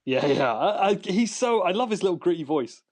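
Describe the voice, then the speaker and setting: A man's voice: sits high, very animated, fairly quick, a little mellow. A man hosting a podcast, chatting casually and rambling with fillers and restarts. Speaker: podcast host. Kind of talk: casual chat.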